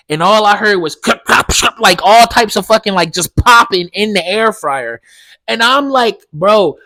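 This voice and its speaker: A young man hosting a solo podcast, telling a story in a profane, animated way full of slang. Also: high voice. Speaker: podcast host. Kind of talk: casual solo podcast monologue.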